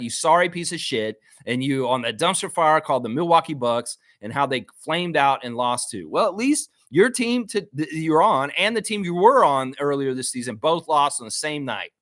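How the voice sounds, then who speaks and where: Loud trash-talking sports stream guy, drawl, bouncy up-and-down voice. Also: a little high, dry recording, clean studio sound. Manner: brash, trash-talking, reads chat aloud. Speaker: live stream host. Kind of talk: live sports chat stream.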